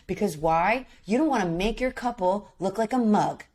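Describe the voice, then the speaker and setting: A woman's voice: medium pitch, moderate pace, few pauses. A woman co-hosting a podcast, chatting casually and emphatically, acting out what others said. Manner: animated, emphatic, acts out quotes. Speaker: podcast co-host. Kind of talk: casual chat recapping a reality show.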